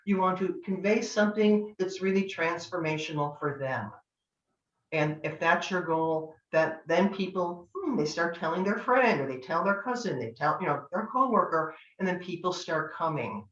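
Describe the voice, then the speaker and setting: A woman's voice: lowish voice, expressive, moderate pace, dull audio. Chatty older woman, echoey distant sound. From Northern California. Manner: chatty, anecdotal, acts out quoted dialogue. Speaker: tarot teacher. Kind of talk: online master class talk.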